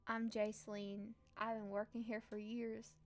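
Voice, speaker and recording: A woman's voice: medium pitch, little pitch movement, unhurried, lightly acted. A woman voicing a gossipy young female palace servant with a put-on country accent, in a chatty, confiding way. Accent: put-on American country.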